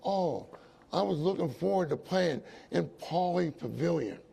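A man's voice: a little high, expressive, a little slow, vocal fry, mellow, husky. A man preaching a sermon, telling a personal story with repeated phrases and asides to his congregation. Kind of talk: sermon testimony.

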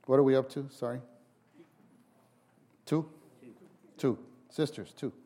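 A man preaching a sermon, halting and repeating himself, then acting out quotes with sudden big jumps in voice. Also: mid-range voice, steady tone, mellow, slight background noise. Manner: halting restarts, repeats words.

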